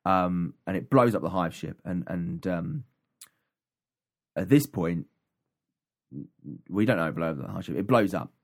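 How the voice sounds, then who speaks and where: A man's voice: deep voice, a little slow, pauses often. A man casually recapping an audiobook on a podcast, rambling with many ums and restarts. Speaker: podcast co-host.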